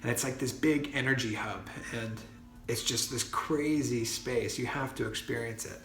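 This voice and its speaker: A man's voice: medium pitch, moderate pace. Earnest man telling a story, roomy echo. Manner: earnest, many fillers and restarts, grows excited. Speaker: vlogger. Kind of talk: personal story, casual monologue. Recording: roomy echo with faint music.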